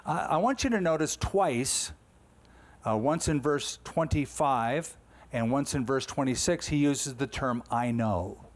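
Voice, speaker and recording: A man's voice: medium pitch, expressive, unhurried. A man in his sixties, a pastor delivering a conversational, emphatic sermon full of rhetorical questions.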